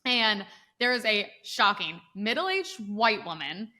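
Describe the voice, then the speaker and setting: A young adult woman co-hosting a podcast, telling a story in an animated way and acting out the people she quotes. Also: mid-range voice, slow. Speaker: podcast co-host. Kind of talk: casual storytelling chat.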